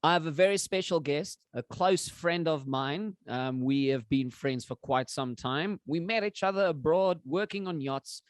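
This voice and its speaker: Relaxed joking podcast host, a man. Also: a little high, measured pace, few pauses, dry recording. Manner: jokey and relaxed, with filler ums. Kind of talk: casual chat.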